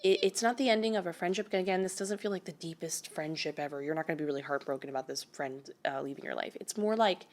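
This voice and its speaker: A woman's voice: lowish voice, fast talker, hardly any pauses. Chatty young woman reading tarot. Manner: chatty, emphatic, lots of fillers. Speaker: tarot reader. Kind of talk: pick-a-card tarot reading.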